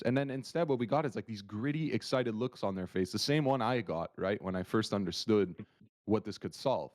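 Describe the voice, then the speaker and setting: A man co-hosting a market analysis livestream, talking in an animated, rambling way with many restarts. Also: fairly low pitch, fairly quick. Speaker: market analyst stream co-host. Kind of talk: casual livestream chat.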